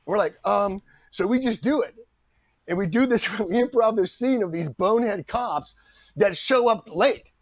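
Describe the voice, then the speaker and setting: A middle-aged man, a guest actor on a podcast, telling a story in a lively way, acting out the people he quotes and often restarting his sentences. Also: high voice, moderate pace, no room sound. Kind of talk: anecdotal storytelling in a podcast interview.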